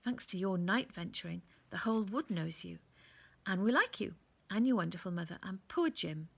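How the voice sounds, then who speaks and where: A woman's voice: mid-range voice, expressive, moderate pace, vocal fry, husky. A woman reading aloud and voicing a learned, chatty, courteous male owl with a playful, wordy manner. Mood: genial.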